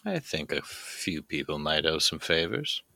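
Deep-voiced, dry and crisp formal gent, wry, a man in character. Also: sing-song, measured pace, sharp tone, no echo, heavily acted.

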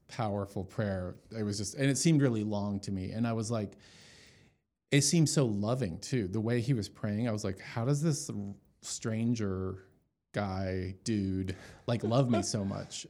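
A man's voice: on the low side, mellow. A man giving an emotional personal testimony as an interview guest, talking in a storytelling way with many fillers and restarts.

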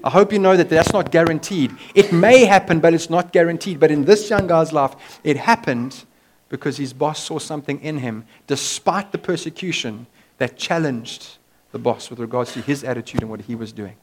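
A man's voice: on the high side, moderate pace. A man preaching a sermon as pastor, in an emphatic, conversational way.

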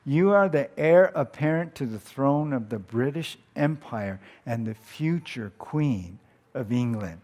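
A man's voice: mid-range voice, lively intonation, measured pace, a little mellow. A male pastor quoting a stern royal nanny who scolds a child in a story he tells. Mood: scolding. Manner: scolding, emphatic.

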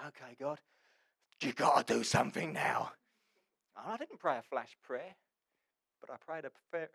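A man preaching a sermon, telling the story with wry, sarcastic humour and swinging between loud and hushed. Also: medium pitch.

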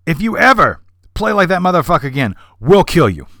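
A man putting on the voice of a cocky, profane male bandleader who talks in loud, swaggering bluster. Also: a little high, very animated, a little fast, dry recording, studio quality, voice pushed up, exaggerated voice. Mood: boastful.

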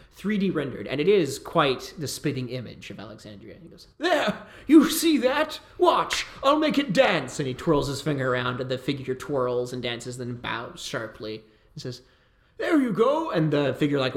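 A man's voice: medium pitch, fairly bright tone. A man narrating as the game master of a tabletop game, in a casual style with many fillers.

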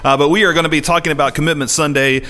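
A man's voice: on the high side, steady tone, very fast, pushed and bright, big-room sound. A man hosting a church podcast about preaching, chatting casually and laughing easily, with plenty of filler words. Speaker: podcast host, pastor.

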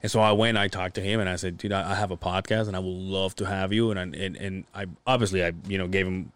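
A man's voice: deep voice, fast talker, clear, resonant tone. A man hosting a podcast, telling stories in casual chat with lots of swearing and acted-out voices. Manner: animated storyteller acting out quoted voices, swears freely. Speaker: podcast host.

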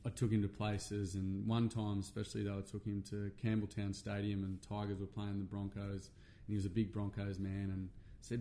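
A man's voice: on the low side, steady tone, fairly quick, dark tone, a little hiss or hum. A middle-aged Australian man, a men's workshop facilitator, telling a personal story in casual, earnest talk with plenty of fillers and swearing.

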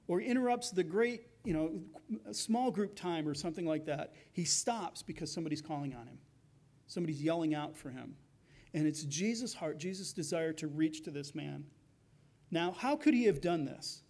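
A man's voice: high voice, a little mellow. A man preaching a sermon as pastor, in a conversational way, acting out the voices of the people in his story.

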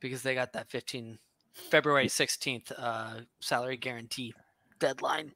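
Bright-voiced man on a sports podcast. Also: medium pitch, fairly even intonation, moderate pace, gravelly, no echo. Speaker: podcast co-host. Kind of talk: casual sports podcast chat.

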